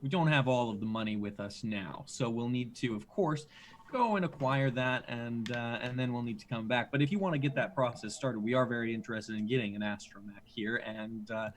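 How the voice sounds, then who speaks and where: A man's voice: medium pitch, fairly quick, slight background noise. A man playing his character in a tabletop game, speaking politely and hesitantly with many fillers. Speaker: player. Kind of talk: in-character tabletop role-play.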